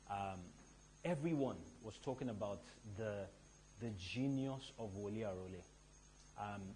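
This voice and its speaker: A man from Nigeria hosting a live event, telling stories to the audience in an animated, emphatic way from a stage mic. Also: medium pitch, slight background noise. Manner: animated storytelling with a rising, emphatic delivery. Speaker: event host.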